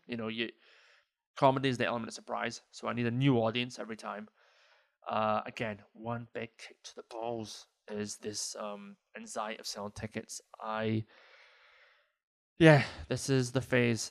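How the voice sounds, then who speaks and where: A man's voice: fairly low pitch, dry recording. A man who is a stand-up comedian and hosts a podcast, chatting alone in a rambling, self-deprecating way with many fillers. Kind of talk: casual solo podcast monologue. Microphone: podcast mic.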